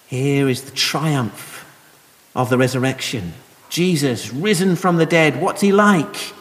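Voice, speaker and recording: Gentle preacher in a reverberant hall. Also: male voice, a little high, slow. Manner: gentle, conversational explaining with soft laughs. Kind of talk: sermon.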